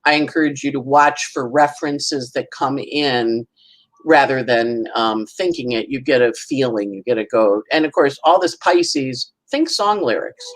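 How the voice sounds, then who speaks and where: Animated woman astrologer, playful voices. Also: rumbling low, a little slow, poor audio. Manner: animated, acts out little voices and sounds. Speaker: astrologer guest. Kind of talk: casual conversational forecast.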